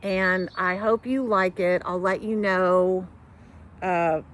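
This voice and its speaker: A woman's voice: on the low side, slow pace. A middle-aged woman hosting a knitting podcast, chatting casually to camera at home, rambling through tangents and fillers and talking with her hands. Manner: animated, talks with her hands. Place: home couch.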